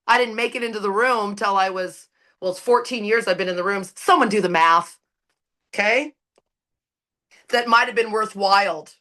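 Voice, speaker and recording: A woman's voice: mid-range voice, moderate pace, long pauses, pushed and bright. A woman speaking at a recovery meeting, giving an impassioned, preachy share with blunt, profane emphasis. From Canada. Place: recorded at an online meeting.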